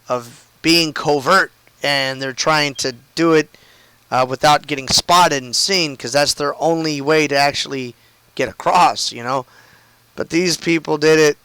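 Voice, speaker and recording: A man's voice: fairly high pitch, fairly bright tone, smooth, dry recording, rough recording. A man streaming a game from home and telling a long story in a casual, rambling way, full of "like" and "I mean" and loose swearing.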